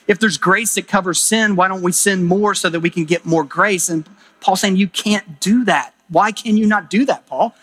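A man's voice: sits high, fairly bright tone. A middle-aged man preaching a sermon as pastor, emphatic, with rising exclamations.

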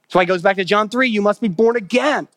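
A pastor preaching a sermon, earnest, repeating phrases for emphasis and asking the listeners questions. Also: male voice, high voice, fast talker, fairly bright tone, no room sound, clean studio sound.

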